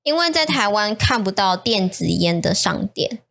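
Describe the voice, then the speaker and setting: A woman from Taiwan, a native Mandarin speaker, co-hosting a podcast in casual bilingual chat with lively, giggly reactions. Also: mid-range voice, moderate pace, gravelly. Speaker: podcast co-host.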